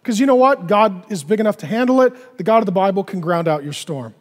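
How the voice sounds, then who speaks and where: Male pastor, high and lively voice, sermon, long hall reverb. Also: fast. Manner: animated, acts out little dialogues in other voices.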